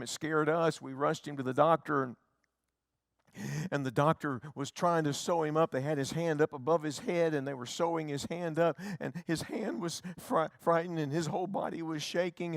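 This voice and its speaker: A middle-aged man, an evangelist, preaching a revival sermon that moves from hushed, tender storytelling to loud, rising appeals. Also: medium pitch, gravelly, no room sound, clean studio sound.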